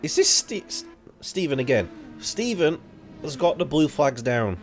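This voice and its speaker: A man's voice: measured pace, soft background music. A young man commentating an online racing league live, rambling and casual, swearing freely and jumping up when the action heats up. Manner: excitable, rambling, swears casually, jumps to high excited pitch.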